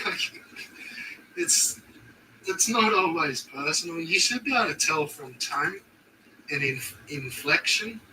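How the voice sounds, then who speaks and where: Young aussie streamer, slow laid-back talk, swears a ton, sounds a bit far from the mic. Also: male voice, fairly high pitch, animated, pushed and bright, a little hiss or hum. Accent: Australian. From Australia. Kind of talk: casual stream chat.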